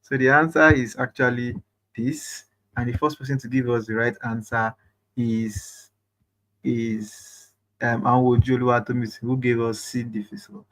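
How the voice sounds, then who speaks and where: A man's voice: mid-range voice, fairly even intonation, moderate pace, fairly bright tone, low-quality recording. Man hosting a nursing quiz. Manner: repeats phrases, chatty, encouraging. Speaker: nurse quiz host. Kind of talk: live online quiz reading.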